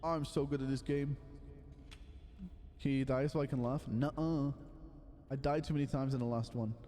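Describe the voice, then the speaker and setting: A young man giving playful, excitable live commentary while streaming a game, full of loud exclamations and silly voices. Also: mid-range voice, normal speed, big-room sound.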